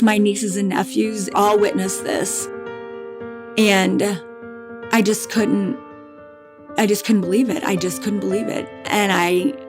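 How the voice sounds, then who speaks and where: A middle-aged woman speaks at an everyday mid-range pitch, telling a deeply personal story. Her delivery is halting and grief-laden, with frequent false starts and repeated phrases. Soft guitar music plays faintly behind her. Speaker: interview guest, bereaved mother.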